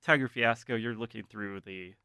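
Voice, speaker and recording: Bright-voiced man running a tabletop game. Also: lowish voice, clean tone, dry recording. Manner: casual, halting, full of "like" and "kind of". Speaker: game master. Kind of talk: narrating a tabletop horror game.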